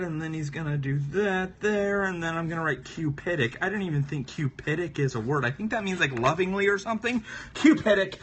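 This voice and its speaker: A man's voice: on the high side, animated, a little fast, a bit bright, a little hiss or hum. A man hosting a casual live stream, drawing while he chats with viewers in a playful, giggly way. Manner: playful, giggly, talks to viewers and repeats catchphrases. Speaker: livestream host.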